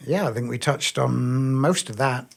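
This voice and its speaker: A man's voice: medium pitch, unhurried, vocal fry. A man speaking as a podcast guest, plain and reassuring, with many ums. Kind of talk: casual podcast conversation.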